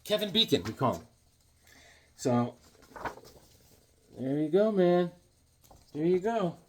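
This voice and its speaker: A man's voice: high-pitched, sing-song, takes it slowly, darkish tone, slight background noise. Rambling, enthusiastic man showing comics. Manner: rambling, enthusiastic, restarts and filler words. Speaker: comic book reviewer. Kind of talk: casual comic book show-and-tell.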